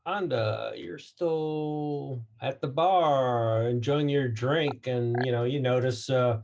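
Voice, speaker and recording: A man running a tabletop game, describing the scene to the players. His voice is mid-range and relaxed, with hesitant fillers as he narrates. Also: medium pitch, takes it slowly, vocal fry, noisy background. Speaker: game master.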